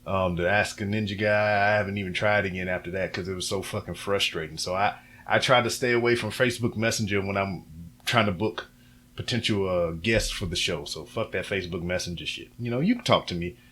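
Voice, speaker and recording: A man's voice: low voice, brisk, fairly bright tone, slight background noise. Rambling, profane male podcast host. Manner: loose, profane and rambling, with many fillers. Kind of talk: casual solo rambling to camera. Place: home recording setup with camera and computer. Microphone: camera and computer setup, a little off-axis at times.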